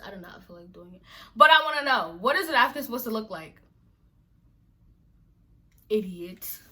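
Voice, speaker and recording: A woman's voice: fairly high pitch, bright, forceful tone. A woman from Nigeria vlogging to camera, exasperated and emphatic, firing off repeated rhetorical questions. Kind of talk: casual to-camera rant.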